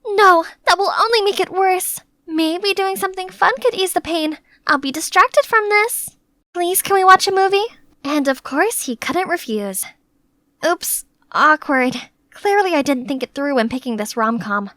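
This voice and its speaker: High, bright, chatty young woman narrator. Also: measured pace, no room sound, studio quality. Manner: chatty, animated, playfully dramatic. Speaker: narrator and maid character. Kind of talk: scripted first-person story narration.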